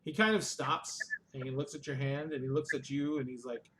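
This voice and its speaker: A man running a tabletop game as dungeon master, narrating in a halting way with frequent restarts. His voice sits at an ordinary middle pitch. A faint hiss of noise sits under his voice. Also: fairly even intonation, a bit bright.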